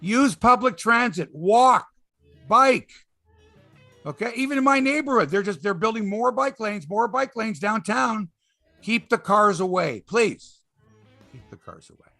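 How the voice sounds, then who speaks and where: Gravelly, lively sports host. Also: male voice, high voice, moderate pace, no echo, soft background music. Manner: blunt, swears freely, animated rants. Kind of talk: casual sports talk.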